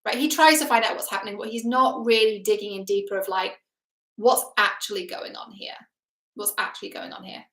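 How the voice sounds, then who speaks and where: A woman relationship coach hosts her own show, breaking down a film in a chatty, emphatic way. She keeps turning questions back to the listener. Her middle-pitched voice rings out with a roomy echo around it. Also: steady tone, brisk, a bit bright. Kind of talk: casual film analysis commentary.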